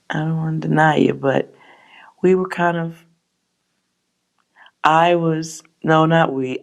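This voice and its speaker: A woman's voice: low voice, gravelly. Brash, profane woman ranting to viewers. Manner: brash, profane, joking rants. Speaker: tarot reader and livestream host. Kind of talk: casual livestream chat with viewers.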